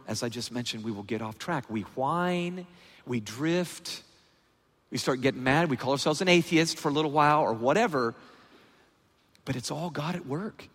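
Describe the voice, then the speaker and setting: Guy preaching, husky voice, big lively pitch swings, echoey hall. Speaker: guest preacher. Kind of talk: sermon. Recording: reverberant hall sound.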